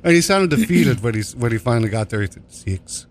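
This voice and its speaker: A man's voice: medium pitch, expressive, fast talker. A man hosting a radio show, chatting casually on air in a studio at a microphone. He rambles, jokes and swears freely.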